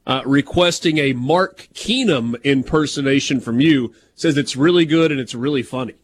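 A man's voice: medium pitch, moderate pace. A man with a Southern American accent hosting sports talk radio, chatty, teasing and prone to digressions. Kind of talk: casual sports radio banter.

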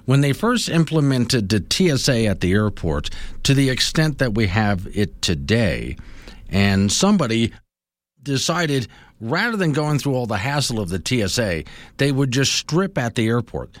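A man's voice: medium pitch, sing-song, moderate pace, no room sound. A middle-aged man hosting a morning radio show, rambling and self-amused. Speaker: radio host.

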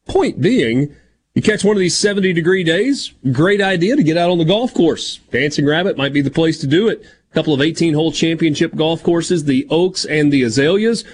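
A man hosting a casual sports radio show, easygoing and smooth on the sponsor reads. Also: fairly high pitch, expressive, brisk, a little hiss or hum.

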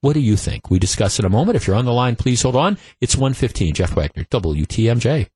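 A man's voice: mid-range voice, expressive, quick pace, darkish tone, breathy edge, dry recording. A man hosting a political talk radio show, opinionated and emphatic, often repeating himself as he builds his case. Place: radio studio.

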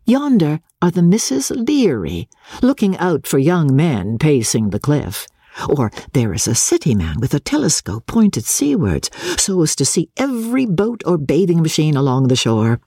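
An audiobook reader narrating a classic novel in a theatrical, varied way with soft chuckles, close to the mic. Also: medium pitch, huge pitch swings, measured pace, husky, no echo.

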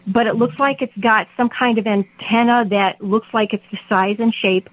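A woman's voice: a little high, steady tone, moderate pace, no echo, phone-quality sound. A woman from Indiana calling in to a radio show, nervous and rambling as she explains her problem. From Indiana, USA. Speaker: caller. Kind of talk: phone-in call. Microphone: telephone.

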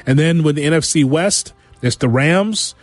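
A man hosting a sports talk radio show, giving an animated monologue full of rhetorical questions and repeated phrases. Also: on the high side, moderate pace, no room sound. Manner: animated, rhetorical, repeats himself, acts out quotes.

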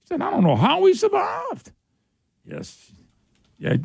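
A folksy man hosts a radio talk show and rambles casually from topic to topic. His voice sits high and swings widely in pitch, with a gravelly rasp. The studio sound is close and dry. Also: huge pitch swings, a little slow, no room sound. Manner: folksy, rambling, mocking impressions.

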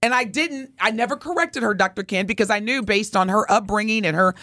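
A middle-aged woman co-hosting a podcast, telling a story in a casual, expressive way and speaking straight to her listeners. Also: mid-range voice, fairly quick, no room sound, studio quality. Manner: animated, expressive storyteller addressing listeners directly. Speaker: podcast co-host.

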